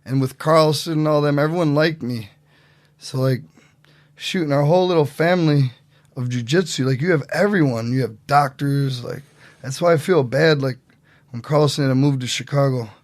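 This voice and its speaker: A man telling stories as a podcast guest in a casual, animated way, acting out what other people said. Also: fairly high pitch, normal speed, no echo. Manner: animated, acts out quotes in voices. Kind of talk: casual storytelling.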